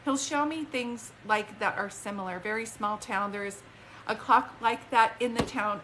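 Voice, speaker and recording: A woman's voice: on the high side, moderate pace, heavy background noise. A woman working as a psychic medium on a live stream. She rambles with emotion, breaks off mid-sentence, and speaks both to an unseen spirit and to a viewer, into a phone.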